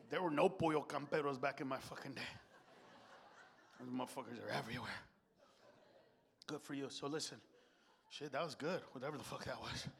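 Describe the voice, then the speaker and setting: A stand-up comedian who swears constantly and swings between loud outbursts and low muttered asides. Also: male voice. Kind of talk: stand-up routine.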